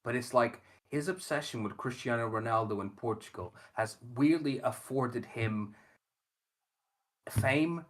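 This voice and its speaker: A man co-hosting a podcast, ranting in sweary, animated casual chat. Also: mid-range voice, unhurried. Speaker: podcast co-host.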